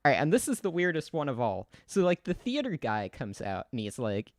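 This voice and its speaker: A man's voice: on the high side, huge pitch swings, fairly quick, dry recording. Young male streamer, loose giggly rambling commentary, dry untreated mic sound. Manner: rambling, giggly, lots of fillers and restarts. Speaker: livestreamer. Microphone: desk mic, untested.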